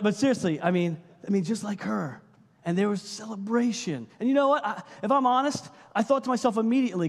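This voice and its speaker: A man preaching a sermon as pastor, animated, acting out quotes and joking with his congregation. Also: fairly high pitch. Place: church hall. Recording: long reverb of a church hall.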